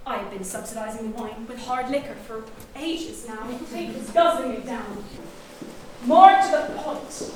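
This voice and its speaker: Woman doing a stagey young detective for a fringe comedy-mystery, high-ish, far mic, hall echo. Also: a little mellow, lightly acted. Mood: explaining. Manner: theatrical, deliberate explaining. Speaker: amateur sleuth revealing the killer. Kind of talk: live stage acting. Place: small theatre on stage. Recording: echoey theatre from far, noise.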